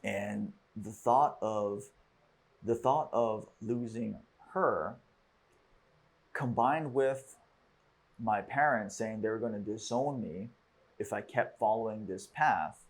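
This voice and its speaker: Podcast host guy, kinda low husky voice, halting, keeps restarting his sentences. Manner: halting and reflective, frequent restarts. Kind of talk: casual podcast conversation, personal storytelling.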